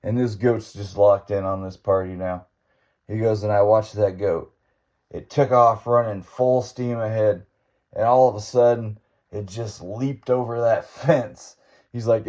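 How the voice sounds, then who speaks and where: A man's voice: fairly low pitch, fairly even intonation, normal speed, mellow. A man hosting a podcast, telling a story in an impromptu monologue, rambling along and laughing as he goes. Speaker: podcast host.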